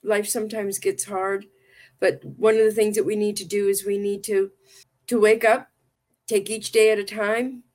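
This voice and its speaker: Woman livestream host and tarot reader, mid-pitched, chatty and rambling, affectionate, casual. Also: steady tone, moderate pace, a little mellow. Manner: chatty, rambling and affectionate, often repeating words.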